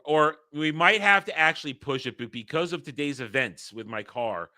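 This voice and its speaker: A man hosting a casual vlog, ranting about a movie in an animated, exasperated way. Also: mid-range voice. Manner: animated, exasperated, acts out scenes. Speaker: host.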